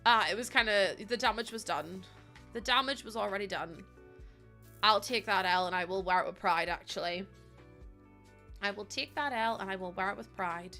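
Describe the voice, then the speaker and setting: Northern irish girl yapping to her stream chat, giggly, swears a bit, sharp bright tone. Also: medium pitch, normal speed, faint music behind. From Northern Ireland. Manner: chatty, laughs often, swears. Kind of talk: casual chat to a live stream audience.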